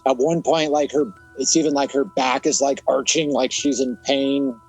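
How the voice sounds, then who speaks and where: A man's voice: mid-range voice, flat delivery, normal speed, darkish tone, breathy edge, faint music behind, poor audio. A young man co-hosting a podcast, recapping a horror film in loose, profane chat and laughing often. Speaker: podcast co-host. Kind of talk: casual movie review chat.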